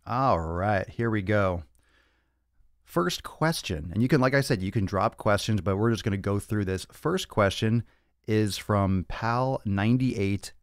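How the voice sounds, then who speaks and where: This young man speaks unhurriedly in a voice on the low side, with no echo. He's hosting a laid-back fitness podcast livestream Q&A, answering viewers from his home studio of monitors and cameras in a brash, profane, joking way.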